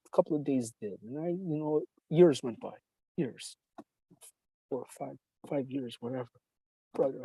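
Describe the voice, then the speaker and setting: Dark-voiced man telling a rambling story. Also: medium pitch, dry recording, rough recording. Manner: rambling, profane, calls listener brother. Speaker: podcast host. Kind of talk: casual storytelling.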